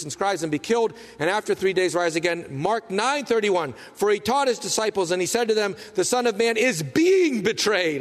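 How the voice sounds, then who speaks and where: A man preaching a sermon as pastor, emphatic, asking rhetorical questions and swinging from loud to hushed. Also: high-pitched, long reverb tail.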